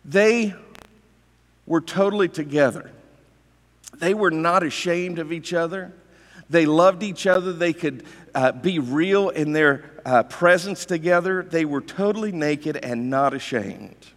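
A man preaching with a somewhat high voice. He talks conversationally and with emphasis, tells stories and throws rhetorical questions at the listeners. His voice rings out in a hall with a long echo. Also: a little slow. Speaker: pastor. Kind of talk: sermon.

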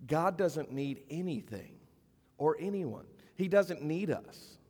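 A man preaching a sermon as a pastor, in a conversational style, slowing down for emphasis and sometimes dropping almost to a whisper. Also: fairly high pitch, lively intonation, darkish tone. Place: church sanctuary. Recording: long reverb of a church hall.

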